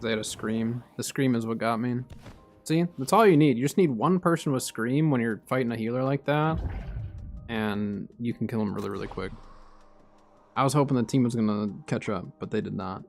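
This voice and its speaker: A young man streaming a game, calmly explaining tactics and getting excited in fights. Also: mid-range voice, normal speed, creaky, soft background music. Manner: relaxed, explains tactics while playing, bursts of excitement in fights. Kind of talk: casual gameplay commentary.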